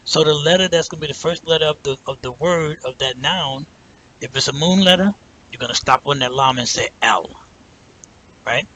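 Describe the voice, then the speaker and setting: A man teaches a language lesson in a bright, forceful voice that sits a touch high. He explains step by step, slowing down for example words and often asking "right?". A faint rumble hums behind him. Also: low-quality recording. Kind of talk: patient spoken lesson.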